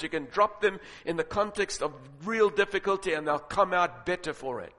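A man preaching a sermon, telling stories and building to loud, emphatic points. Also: high-pitched, normal speed, few pauses. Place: large auditorium with audience. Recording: long reverb of a large hall.

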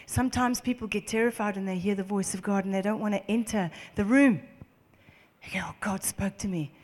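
A woman preaching a sermon, reading scripture aloud and commenting on it in an animated way, laughing often and repeating phrases for emphasis. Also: medium pitch, fairly quick, long reverb tail.

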